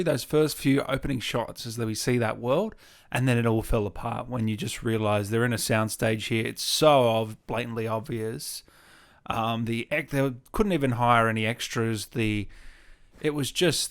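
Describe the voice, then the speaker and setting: A man co-hosting a casual movie podcast, blunt and scornful as he picks a film apart. He laughs often between jabs. His voice sits at an ordinary middle pitch. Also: steady tone, moderate pace. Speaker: podcast co-host. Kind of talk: casual film review chat.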